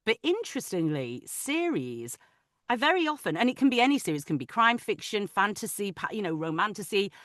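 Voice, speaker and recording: A woman audiobook narrator talks shop in a lively, chatty way, often restarting her sentences. Her tone is bright and forceful. The sound is dry and close, with no room echo. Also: mid-range voice, brisk. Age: adult, parent of older children. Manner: animated, talkative, many restarts. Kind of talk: casual interview chat.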